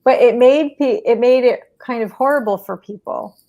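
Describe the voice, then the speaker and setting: A woman's voice: fairly high pitch, normal speed, warm tone. A woman who works in dementia care, chatting casually and giving practical advice with everyday examples. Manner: practical, anecdotal, acts out what she says to seniors. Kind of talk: casual interview chat.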